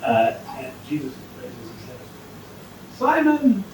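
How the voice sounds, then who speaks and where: Performing at an indoor comedy night, a man tells jokes in a rambling, self-interrupting way. His medium-pitched, somewhat dark voice is very animated at normal speed. The distant, echoey iPhone recording, made from too far away, has a slight hiss or hum.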